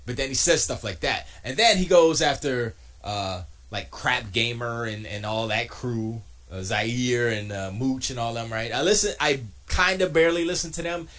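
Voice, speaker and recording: A man's voice: medium pitch, moderate pace, few pauses, a bit bright. A man streaming from his home studio, rambling through casual commentary with frequent restarts and mocking asides. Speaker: streamer and podcast host.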